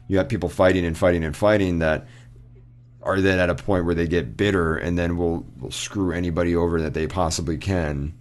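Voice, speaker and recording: Deep-voiced man telling a rambling story. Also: steady tone, brisk. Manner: rambling storyteller, laughing often. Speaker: podcast co-host. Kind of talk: casual chat.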